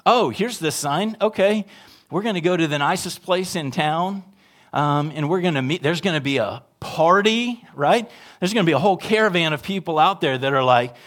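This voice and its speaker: A man, an associate pastor, preaching a sermon in a conversational, animated way, often checking in with his listeners and swinging between emphatic raised lines and quiet asides. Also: fairly high pitch, normal speed. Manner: conversational, animated preaching with frequent tag questions to the congregation.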